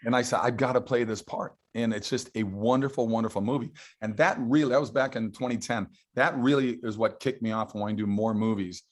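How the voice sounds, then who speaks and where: Middle-aged male guest, low voice, enthusiastic storyteller, casual interview. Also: a little fast, hardly any pauses. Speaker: guest actor.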